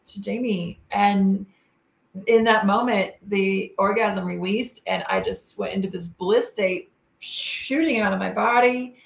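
Gravelly-voiced woman narrating, echoey room. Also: medium pitch. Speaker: co-host telling a shared story. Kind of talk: casual storytelling.

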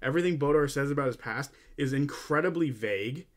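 A young man lays out a fan theory in casual, unscripted talk. His voice sits at an ordinary middle pitch. He keeps hammering the same points to drive his argument home. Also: a little fast. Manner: argumentative, repeats points for emphasis. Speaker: fan commentator.

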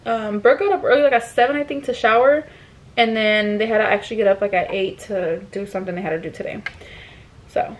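A woman's voice: on the high side, steady tone, fairly quick, roomy sound, poor audio. A woman in her twenties chatting casually to her viewers in a vlog, loose and slangy, swearing freely. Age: 20s. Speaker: vlogger. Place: at home and around a college campus. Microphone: handheld camera.

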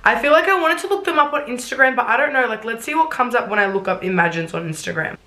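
A woman's voice: a little high, animated, quick pace, sharp tone. Blunt, sweary woman in her twenties. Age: 20s. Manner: blunt, sarcastic, swears freely. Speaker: YouTuber. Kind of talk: casual reaction vlog. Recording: roomy echo.

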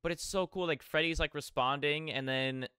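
A man hosting a reaction video, talking casually and excitedly, often repeating himself. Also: on the high side, moderate pace, smooth, no echo, clean studio sound.

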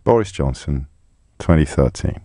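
A man with a low voice hosts a talk radio show. He delivers a sardonic monologue and talks straight at his listeners. The studio sound is dry and close. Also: expressive, moderate pace, warm tone, dry recording. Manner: sardonic, addresses listeners directly.

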